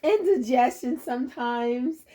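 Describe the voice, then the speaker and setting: 女性が演じる、片言の英語で話す、低めの声の穏やかな元軍人の老ウェイター。. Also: male voice, very high-pitched, animated, pitched below the performer's own voice, full character voice. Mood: earnest. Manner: halting, broken English, gentle and earnest. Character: kindly old male waiter, ex-soldier. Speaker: waiter.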